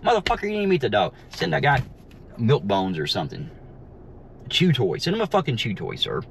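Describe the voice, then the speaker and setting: A man's voice: mid-range voice, wildly swooping pitch, fairly quick, vocal fry. A man ranting heatedly and mockingly while driving around, swearing constantly, recorded inside his car. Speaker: vlogger. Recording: faint road noise in a car. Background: faint vehicle noise.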